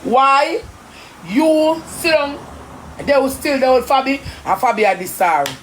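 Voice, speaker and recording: A woman's voice: sits high, expressive, slight background noise. Indignant Jamaican woman ranting. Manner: indignant, confrontational, rapid patois. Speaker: live-stream personality. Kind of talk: heated live-stream rant.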